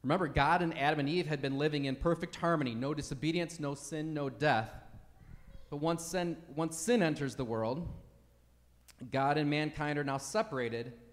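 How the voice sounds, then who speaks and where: A man's voice: fairly high pitch, normal speed, big-room sound. A man preaching a teaching sermon, emphatic and checking in with the congregation by asking "right?". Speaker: pastor.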